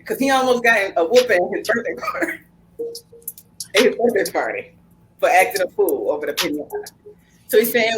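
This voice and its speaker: A woman's voice: mid-range voice, lively intonation, fairly quick, long pauses, a bit bright, slight background noise, rough recording. Blunt, storytelling woman podcast host. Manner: storytelling, acting out family dialogue; frank, blunt, with mild cursing. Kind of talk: casual podcast chat.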